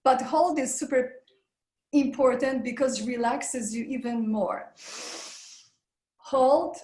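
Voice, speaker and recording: A woman presenting a live webinar on a video call, guiding listeners through breathing and voice warm-up exercises in an encouraging way. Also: on the high side, unhurried, roomy sound, poor audio. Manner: encouraging, leads breathing and vocal warm-ups.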